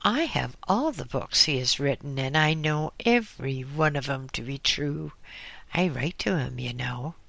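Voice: mid-range voice, expressive, unhurried, creaky, pushed and bright, dry recording, exaggerated voice. A reader voicing chatty woman Rosie.

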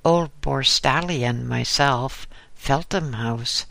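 A man's voice: mid-range voice, slow, creaky, bright, forceful tone, no room sound, full character voice. A man doing a languid, mocking drifter. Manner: languid, drawling, ironic. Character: thin-faced languid male drifter, mocking posh manner.

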